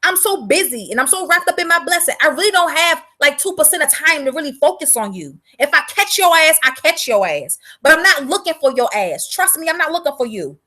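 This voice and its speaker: A woman's voice: high-pitched, sing-song, a little fast, hardly any pauses, sharp tone. A woman ranting bluntly and profanely in a casual livestream, repeating words for emphasis. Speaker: vlogger selling herbal products.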